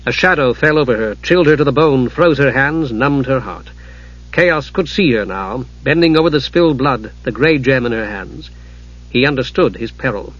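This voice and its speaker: A man with a fairly high voice reads a fantasy audiobook, pacing the action with measured drama. The recording has a dull, lo-fi sound to it. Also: a bit bright, breathy edge. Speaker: audiobook narrator. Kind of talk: scripted fantasy audiobook narration.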